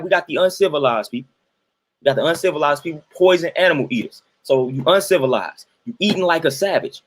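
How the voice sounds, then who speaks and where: A man's voice: a little high, a bit bright. A man, giving an emphatic, repetitive, sermon-like monologue on his livestream. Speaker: livestream host.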